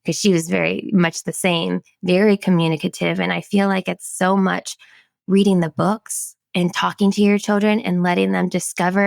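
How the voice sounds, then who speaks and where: This is a woman in her thirties, hosting a podcast in a relaxed, chatty way. She has a low voice with a gravelly edge, and she tells her stories with a lot of enthusiasm. The sound is dry and close. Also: no echo. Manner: enthusiastic, animated storytelling. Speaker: podcast host. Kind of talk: casual interview chat.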